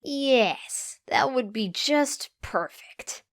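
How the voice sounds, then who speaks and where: A brash young female pegasus pony struts through every line of this storybook reading, teasing and playful, as a woman narrator puts her on. The voice sits high and swings widely in pitch. The read is close and completely dry, with no room sound. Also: lively intonation, drawn-out words, no room sound, heavily acted. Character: cocky young female pegasus pony, vampire pack leader. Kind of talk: audiobook character voice.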